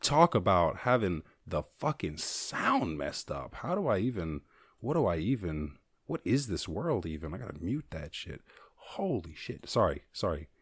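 A man hosting his own show, talking loosely and profanely in a jokey solo monologue and slipping into quick silly voices. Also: low voice, big pitch swings, slightly rough, no echo, studio quality. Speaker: podcast host. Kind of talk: casual comedic monologue.

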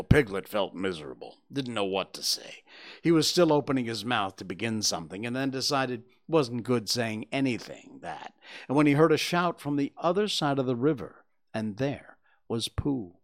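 A man narrating a storybook in a gentle storytelling manner. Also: mid-range voice, animated, normal speed. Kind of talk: storybook reading.

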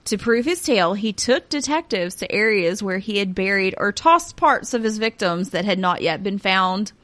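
A woman in her thirties co-hosts a casual true-crime show, reading out grim notes with sarcasm. She laughs often and keeps it chatty, in a voice of middling pitch. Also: lively intonation, moderate pace, fairly bright tone. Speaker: podcast host.

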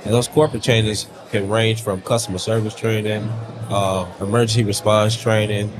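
A man's voice: on the low side, level tone, moderate pace. A man who owns a tattoo studio, speaking on a panel in an earnest, matter-of-fact way. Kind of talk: panel discussion. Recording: music behind.

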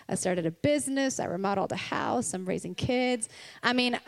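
A woman giving a candid, conversational Christian sermon, earnest and personal, with laughs between her points. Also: a little high. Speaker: Christian speaker.

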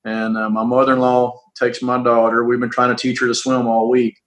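Speaking in a flat, monotone delivery at medium pitch, this middle-aged policeman recounts something from his own life. He's earnest but hesitant, restarting sentences and repeating himself, with a somewhat bright tone on a low-quality recording.

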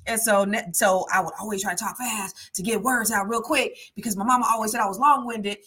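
A woman hosting a podcast in casual chat, a naturally fast talker who is trying to slow down, with chatty asides and frequent ums. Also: medium pitch, a bit bright, slightly rough. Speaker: podcast host.

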